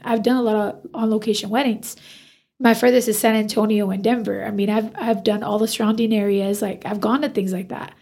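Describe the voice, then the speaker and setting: Woman, hairstylist guest, gravelly edge, fairly high voice, lively storyteller. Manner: animated, acts out quoted dialogue. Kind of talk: casual storytelling interview.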